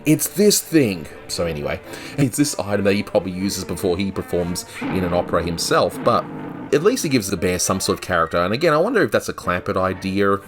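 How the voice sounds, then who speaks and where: A man hosting a casual cartoon review, rambling and joking as he walks through the gags. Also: sits low. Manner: rambling, joking, self-interrupting.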